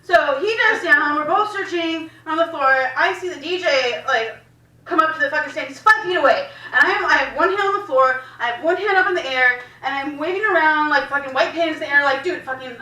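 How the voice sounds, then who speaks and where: A young woman telling a profane, animated stand-up story, laughing as she goes, in a small cafe room. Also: high voice, fairly quick, recorded from a distance. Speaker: stand-up comedian. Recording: echoey room, mic heard from afar.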